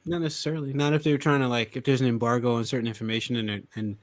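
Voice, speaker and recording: A man hosting a casual podcast chat, animated, swearing and laughing as he talks. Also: mid-range voice, rapid-fire. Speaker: podcast host.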